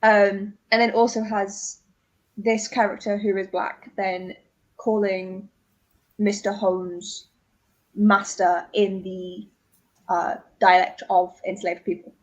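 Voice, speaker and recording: A woman's voice: mid-range voice, flat delivery, slow pace, highs cut off. A woman chatting casually on a group livestream about books. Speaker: co-host of a readathon livestream. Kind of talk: casual chat.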